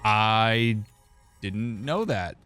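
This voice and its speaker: Young male streamer, low-ish voice, relaxed and chatty, calls viewers by name. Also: drawn-out words, soft background music. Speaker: therapist streamer reading chat. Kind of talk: casual gaming stream chat.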